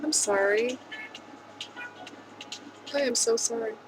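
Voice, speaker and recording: A woman speaking earnestly and emotionally in a rambling vlog monologue, with soft laughs. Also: a little high, slow, over music, low-quality recording. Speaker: vlogger.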